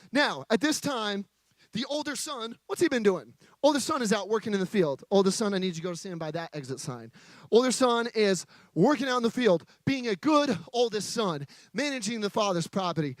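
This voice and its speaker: A man's voice: high voice, no room sound. A man preaching a sermon from a stage, joking with a live audience in a playful, chatty manner.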